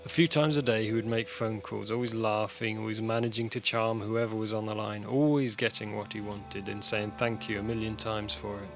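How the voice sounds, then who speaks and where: A man's voice: on the low side, steady tone, moderate pace, hardly any pauses, fairly bright tone. A man reading a personal short story aloud in a dry, matter-of-fact way. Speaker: story reader. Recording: music bed under voice.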